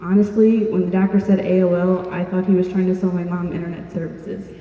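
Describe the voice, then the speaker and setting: A woman's voice: lowish voice, level tone, fairly quick. A young woman earnestly telling her own story to an audience, plain-spoken with small restarts. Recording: distant, dull-sounding mic in an echoey hall.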